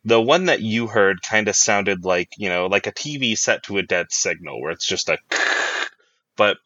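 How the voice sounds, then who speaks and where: A man's voice: fairly low pitch, animated, measured pace, sharp tone, no room sound, muffled recording. A man narrating as game master, laughing often and hesitating with many fillers.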